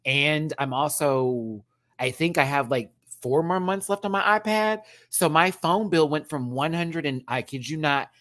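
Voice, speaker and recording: A man, hosting a casual livestream from home, chatty and expressive, swearing freely and thanking viewers as he tells stories. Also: a little high, a little slow. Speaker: livestream host. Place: home, indoors.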